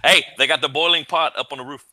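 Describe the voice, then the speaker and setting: Bright-voiced joking man at a game table. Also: on the high side, steady tone, quick pace, dry recording. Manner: jokey, playful quips. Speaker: player.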